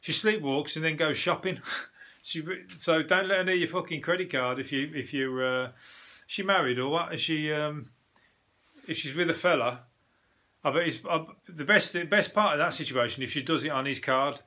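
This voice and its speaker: A comedian riffs on the week's news in a loose, casual monologue. His voice sits a little high and sounds bright and forward. He swears freely, trails off and corrects himself mid-sentence. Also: moderate pace. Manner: rambling, swearing, frequent restarts and self-corrections. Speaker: comedian hosting a news review show.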